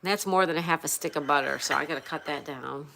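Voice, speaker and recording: A woman hosting a casual baking livestream, softly greeting viewers by name and talking through a recipe. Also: deep voice, fast, gravelly, a little hiss or hum. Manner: soft, chatty, reads viewer names aloud. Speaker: livestream host. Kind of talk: casual live-stream chat while baking.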